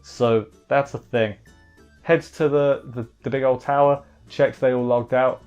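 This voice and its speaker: A man casually reviewing an anime episode in an excitable, rambling way, often restarting his sentences. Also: mid-range voice, unhurried, clean tone. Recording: slightly muffled with faint background music.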